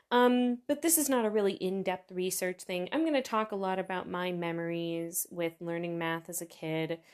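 A woman hosting her own podcast, chatting in a casual, rambling, self-deprecating way, tired after little sleep. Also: mid-range voice. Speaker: podcast host. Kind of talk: casual solo podcast chat.

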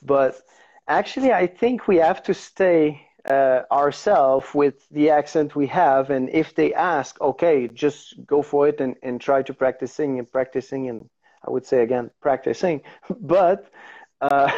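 Man, Quebec French accent, native French speaker, halting, mellow voice, dull lo-fi call audio. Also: a little high. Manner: halting, searching for English words. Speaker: actor guest. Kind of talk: casual interview.

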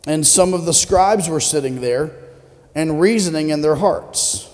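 A pastor with a fairly high, mellow male voice preaches in an unhurried, conversational way, putting questions to his congregation as he goes. A long reverb carries his words, as in a church sanctuary.

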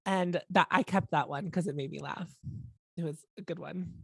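Giggly co-host, casual self-deprecating chat, mid pitch, dry close recording. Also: normal speed, creaky, fairly bright tone, slightly rough, no room sound. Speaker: podcast co-host.

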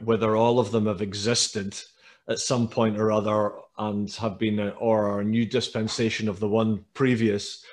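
A man interviewing a guest, asking long, halting questions between brief acknowledgements. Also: fairly low pitch. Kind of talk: conversational interview.

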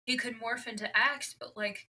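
Female co-host with a very bright, sharp voice, emphatic and casual, talks with lots of fillers. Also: fairly high pitch, fairly even intonation, moderate pace. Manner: emphatic, reacting to the story with "like" fillers. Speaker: podcast co-host. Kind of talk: casual book discussion.

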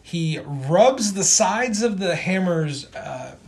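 A man's voice: sits high, expressive, takes it slowly, gravelly, a little mellow. A man co-hosting a podcast who recaps a comic book in a rambling way, with many ums and restarts. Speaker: podcast co-host.

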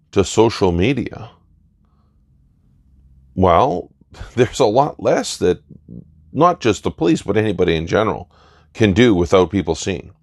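A man giving an earnest opinion monologue in deliberate short phrases. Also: fairly low pitch, creaky, dry recording, clean studio sound. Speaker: commentator.

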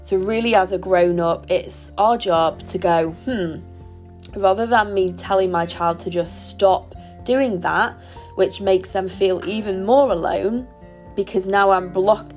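A woman hosting a solo parenting podcast, talking in a gentle, reflective and reassuring way. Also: medium pitch, unhurried, faint music behind. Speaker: podcast host.

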